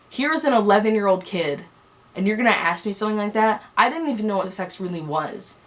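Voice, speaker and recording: A woman's voice: mid-range voice, animated, fairly quick. A young woman telling a personal story on a vlog, angry and heated, rambling with many restarts. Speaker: vlogger.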